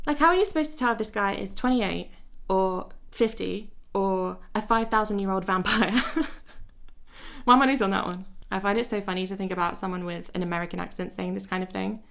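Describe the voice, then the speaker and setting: Woman, wry and playful casual video-essay voice, mid pitch. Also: fairly quick, creaky, a bit bright. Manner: playful, wry, laughs between jokes. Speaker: YouTuber.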